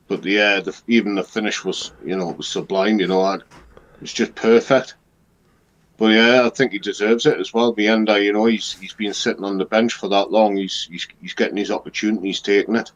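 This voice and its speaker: A man chatting casually about football as a co-host, agreeing in a relaxed way. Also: on the low side, moderate pace, dull audio.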